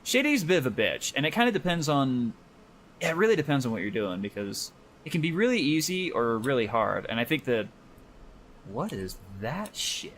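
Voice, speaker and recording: A man's voice: mid-range voice, fairly bright tone, slight background noise. Profane, laid-back male podcast co-host. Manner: loose and profane, laughing often; talks while drawing. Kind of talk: casual chat.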